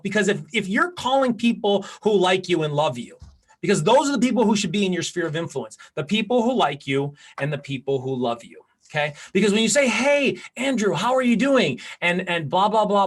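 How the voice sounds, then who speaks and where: Brief: animated man coaching real estate agents in a class, fairly high voice. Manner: energetic, animated, with many restarts. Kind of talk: live class instruction.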